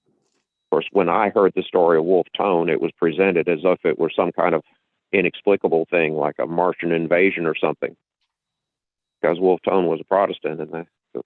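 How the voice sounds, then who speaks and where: A man with a very low voice talks at length in a lecturing way, circling back and repeating himself as he builds his point. His voice comes through a thin, phone-like line with a dry, close sound. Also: little pitch movement, brisk, dry recording. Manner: lecturing, with frequent restarts and repetitions. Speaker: podcast host. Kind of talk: casual explanatory talk.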